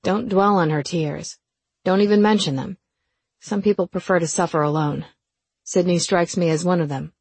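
Brief: a woman playing a laid-back joker of a young man for an audiobook, husky low voice, dry close sound. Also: fairly even intonation, normal speed, a little mellow, no room sound. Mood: calm advice. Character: easygoing young man, joking but guarded.

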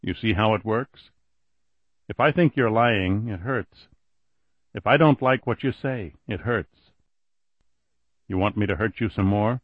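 A man voicing a cold, controlled male interrogator who speaks quietly and with measured menace, on a dull lo-fi recording. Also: fairly low pitch, slightly rough, no echo. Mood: coldly patient.

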